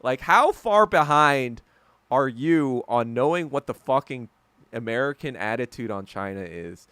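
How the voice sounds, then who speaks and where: Animated, heated ranting man. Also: mid-range voice, measured pace, clear, resonant tone, no echo. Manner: heated, profane, emphatic ranting. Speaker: podcast host. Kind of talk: solo ranting commentary.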